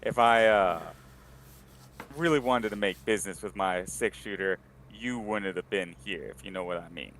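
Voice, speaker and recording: A man's voice: on the low side, normal speed, fairly bright tone, a little hiss or hum. A man playing a ranger character in a tabletop game, answering with cocky taunts. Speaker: player.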